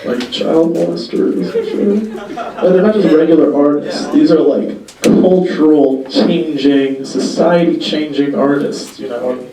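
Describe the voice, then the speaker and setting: A young man performing stand-up comedy in a halting, deadpan way, with many pauses and fillers, on a club stage before a live audience. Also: fairly high pitch. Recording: echoey room, far mic, crowd laughter.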